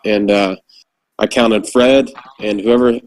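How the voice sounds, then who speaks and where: A man's voice: on the low side, steady tone, takes it slowly, darkish tone, rough recording. Profane storytelling ex-Marine man. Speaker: former Marine corporal, guest. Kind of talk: casual storytelling chat.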